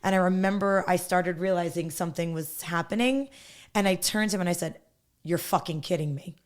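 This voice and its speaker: A woman's voice: on the low side, a little fast, smooth. A woman in her thirties, a podcast guest, telling her story bluntly and candidly, laughing often.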